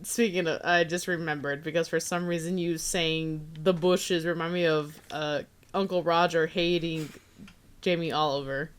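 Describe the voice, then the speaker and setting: A woman's voice: low-pitched, steady tone, normal speed, smooth. Casting: young adult woman, podcast co-host, loose profane chat, lots of giggling. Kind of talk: casual chat.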